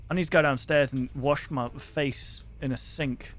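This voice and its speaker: Excitable man with a lively voice. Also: a little high, moderate pace. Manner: crude, exclaiming, swears often. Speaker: game streamer. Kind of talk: let's-play commentary.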